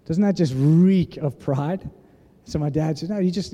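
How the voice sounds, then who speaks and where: A man in his thirties preaching a sermon, telling a story and acting out the dialogue with lively energy. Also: on the high side, normal speed, highs cut off. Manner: animated storytelling, acts out dialogue. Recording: echoey hall reverb.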